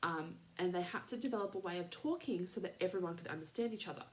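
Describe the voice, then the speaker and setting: A woman's voice: lowish voice, quick pace, slight background noise. An Australian woman in her thirties hosting a podcast, chatting casually in a rambling way with lots of fillers and little laughs. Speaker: podcast host. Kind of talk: casual chat.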